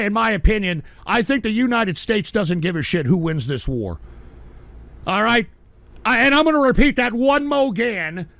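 A man's voice: high voice, vocal fry, a bit bright, no echo. A man hosting a livestream and reading viewer messages, ranting angrily and swearing as he answers them. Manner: angry, swearing, exasperated. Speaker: livestream host reading super chats. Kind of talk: profane ranting livestream talk.

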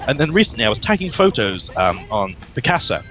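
A man's voice: mid-range voice, big pitch swings, a little fast, a bit bright, faint music behind, rough recording. A young man from England, telling a story to a friend in a casual, joking way with some swearing. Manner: chatty, swears casually, jokes at himself. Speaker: vlogger.

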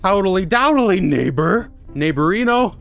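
A calm, folksy neighbor type who calls everyone partner, drawling along at an unhurried pace, as a man voices him. He sits fairly high for a man. Game music plays behind the voice. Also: creaky, full character voice. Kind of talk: reading game dialogue aloud in a voice.

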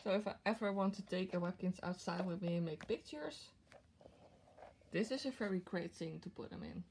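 A woman's voice: lowish voice, moderate pace, background noise. A young woman vlogging an unboxing in casual chat to camera, gushing and giggly. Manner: gushing and giggly, with frequent laughs. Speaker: vlogger showing a plush unboxing.

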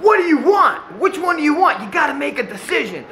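A man voicing a stern, impatient father who is losing patience with his son, in a loud, high voice. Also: lively intonation, fairly quick, a little hiss or hum.

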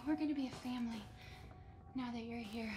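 A woman's voice: a little high, a little fast, natural voice. An actress playing an unhinged, possessed young woman in a horror game, with game music and echo behind her. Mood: eerie. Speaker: game character.

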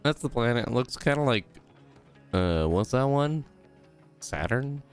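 A man's voice: lively intonation, a little slow, clean tone, soft background music. Goofy young man narrating his gameplay. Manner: goofy, silly rambling with sudden high squeals. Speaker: gaming YouTuber. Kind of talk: let's play commentary.

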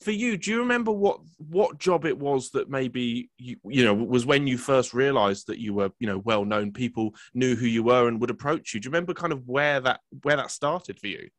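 A man's voice: medium pitch, animated, normal speed, hardly any pauses, no room sound. A man hosting an interview, asking earnest, rambling questions with many fillers. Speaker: interviewer host.

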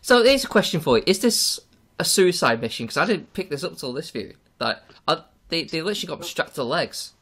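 A man with a bright, sharp voice chats about a film on a podcast. He talks haltingly, often trails off mid-sentence, throws in questions and swears casually. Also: fairly high pitch, very animated, husky. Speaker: podcast co-host. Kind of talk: casual film review chat.

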